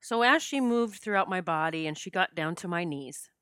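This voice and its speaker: A woman's voice: fairly low pitch, animated, normal speed, a bit bright, clear, resonant tone, dry recording, clean studio sound. A woman hosting a podcast, telling a personal spiritual story and getting choked up as she talks. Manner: emotional, gets choked up. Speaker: podcast host.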